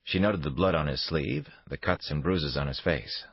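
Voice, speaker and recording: Low, husky male audiobook narrator. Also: normal speed, no echo, lo-fi sound. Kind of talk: scripted narration.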